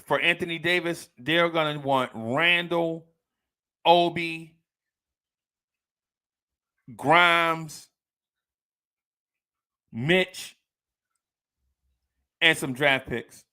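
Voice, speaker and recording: A man's voice: a little high, extremely slow, long pauses, sharp tone, clear, resonant tone. A man from Jersey City with a New Jersey accent, hosting a casual podcast, slangy and playful, laughing often and repeating himself. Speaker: podcast host reading listener comments. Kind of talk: casual live podcast chat.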